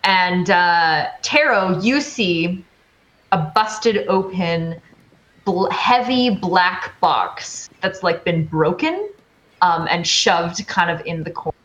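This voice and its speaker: Slow, hesitant woman game master. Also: lowish voice, expressive, a bit bright, roomy sound. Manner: halting narration with frequent fillers. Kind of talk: narrating a tabletop game.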